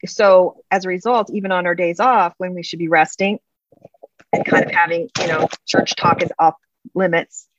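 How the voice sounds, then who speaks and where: A woman's voice: on the low side, steady tone, moderate pace, no room sound. A middle-aged woman, a pastor's wife, telling her personal story in an interview in an earnest way and acting out past conversations. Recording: slightly dull lo-fi sound.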